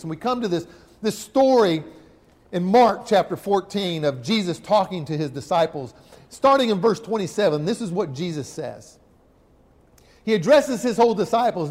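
A man preaching a sermon, telling the story in an animated, emphatic way. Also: sits high. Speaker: pastor. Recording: long hall reverb.

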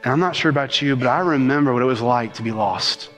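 A man, a senior pastor preaching a sermon with rhythm and animated cadence. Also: medium pitch, faint music behind. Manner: rhythmic, animated preaching with talk of speaking fast.

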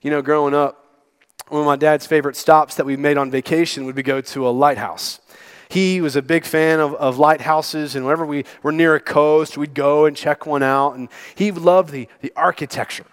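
A man preaching a sermon as pastor, emphatic and sometimes dropping to a hush. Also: fairly high pitch, steady tone, moderate pace, smooth. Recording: long hall reverb.

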